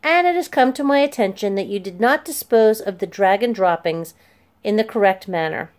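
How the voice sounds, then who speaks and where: A woman's voice: mid-range voice, normal speed, a little mellow, natural voice. A woman voicing a stiff, fussy male caretaker who speaks formally and clipped. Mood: stern.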